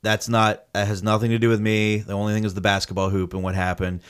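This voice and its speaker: A man's voice: on the low side, quick pace, clear, resonant tone. A man telling a story in casual chat, acting out the quotes and swearing freely. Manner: animated storytelling with acted-out quotes.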